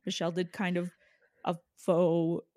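A woman's voice: on the low side, completely flat delivery, measured pace, warm tone, dry recording, studio quality. A woman co-hosting a podcast, chatting casually in a snarky, gossipy way and laughing often. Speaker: podcast co-host. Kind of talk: casual chat.

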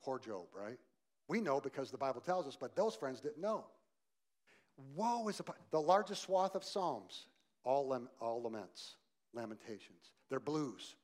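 A male pastor preaching a sermon, swinging from loud emphasis to quiet softness and asking the congregation direct questions. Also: mid-range voice, very animated, a little slow.

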